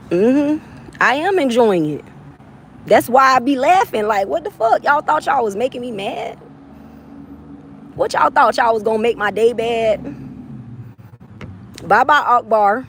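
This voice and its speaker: On a casual livestream, this Southern woman talks with her viewers in a fairly high, animated voice, unhurried and full of pauses. She's brash and playful, laughs often, and swears without holding back, over a faint hiss or hum.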